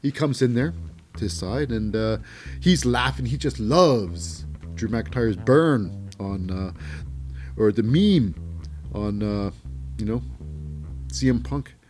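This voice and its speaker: A man's voice: on the low side, expressive, slow pace, pauses often, a little mellow, soft background music. Cynical rambling male wrestling recap host. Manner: cynical, rambling, with hesitant fillers and mocking voices for the wrestlers. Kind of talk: casual recap commentary.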